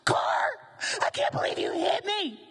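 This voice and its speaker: Woman playing a furious driver, shrill, high-pitched, indignant, yelling. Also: sing-song, a little slow, vocal fry, big-room sound, heavily acted. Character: frantic uninsured driver screaming at a car.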